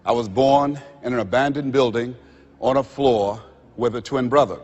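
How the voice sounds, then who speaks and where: A man from Miami, Florida telling his life story to an audience in an earnest, measured way. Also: medium pitch, a little mellow. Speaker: motivational speaker. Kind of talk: personal testimony speech. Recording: dull recording in a reverberant hall.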